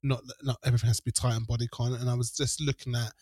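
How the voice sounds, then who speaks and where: A man's voice: mid-range voice, flat delivery, rapid-fire, darkish tone, slightly rough, no room sound. Man, podcast co-host, rambling, laughs a lot, dry sound. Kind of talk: casual chat.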